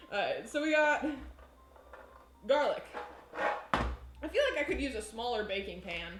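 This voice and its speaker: A woman's voice: a little high, a bit bright, slight background noise. A woman chatting casually on a live cooking stream in her home kitchen, rambling and laughing often. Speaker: baking streamer. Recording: echoey room.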